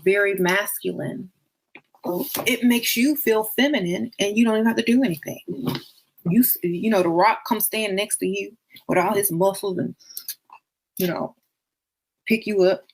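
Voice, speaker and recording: A woman hosting a casual advice talk, blunt and playful, speaking colloquially and now and then slipping into a sweeter, higher voice to show how it's done. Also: husky. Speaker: dating and self-worth advice host.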